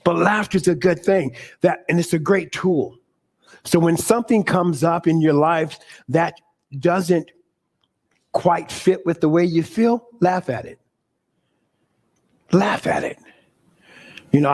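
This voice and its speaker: A middle-aged man giving an animated sermon to a congregation, laughing often and leaning on preacherly emphasis. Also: fairly high pitch, a little slow, long pauses. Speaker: spiritual speaker.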